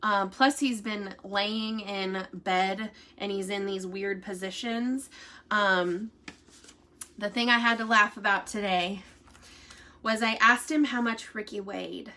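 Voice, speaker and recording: A woman's voice: mid-range voice, steady tone, slow pace, sharp tone. A woman vlogging to her viewers in a casual, rambling way, with many fillers and restarts. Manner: laughs while telling a story. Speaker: vlogger giving family updates.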